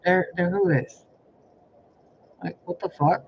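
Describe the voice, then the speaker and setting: A man's voice: high-pitched, fairly even intonation, slow. A man telling rambling personal stories in a casual vlog, exasperated and heavy on profanity. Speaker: spiritual reader recounting personal life. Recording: dull lo-fi audio with faint hiss.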